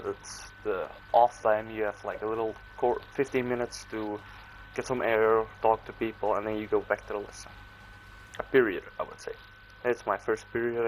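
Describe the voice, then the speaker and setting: A man's voice: lowish voice, slight background noise, rough recording. Young man rambling through a story. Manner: rambling and casual, with slang and frequent restarts; acts out his own and others' lines in quick bursts. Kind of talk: casual story time.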